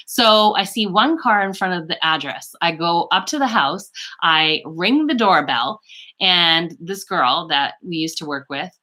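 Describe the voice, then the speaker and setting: A woman's voice: fairly low pitch, lively intonation, moderate pace, pushed and bright. A woman beauty vlogger chatting casually on a live stream, rambling and laughing often, calling viewers "girl".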